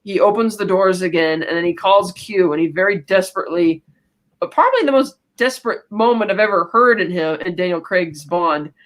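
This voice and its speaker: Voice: medium pitch, a bit bright. A podcast co-host retelling a film in casual chat, rambling and stopping often to quote lines in passing. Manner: rambling, retells scenes with quick quoted asides.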